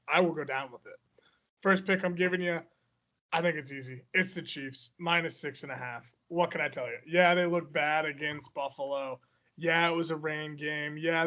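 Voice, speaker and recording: A man's voice: fairly high pitch, fairly bright tone, lo-fi sound. A man co-hosting a podcast, confidently talking through his football betting picks with playful bravado. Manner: confident, self-mocking bravado. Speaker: podcast co-host. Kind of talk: casual sports betting chat.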